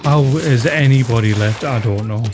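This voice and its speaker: A man's voice: mid-range voice, normal speed. A man hosting a live movie reaction, talking emotionally to the screen and swearing as he watches. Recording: noisy with loud film audio.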